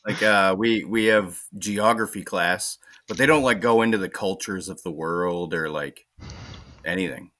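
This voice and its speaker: American man, podcast host, very low voice, bright tone, dry close sound, easygoing chat. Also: unhurried, no echo. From United States.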